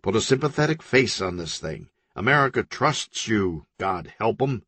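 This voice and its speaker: A man voicing a blunt, irritable male crime boss who talks in a gruff, impatient, insulting way. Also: on the low side, big pitch swings, moderate pace, fairly bright tone, dry recording, full character voice.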